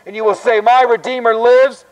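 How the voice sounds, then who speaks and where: Man, street preacher, very high-pitched voice, fervent, urgent exhorting, outdoors on campus. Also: steady tone, moderate pace, highs cut off. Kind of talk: open-air preaching.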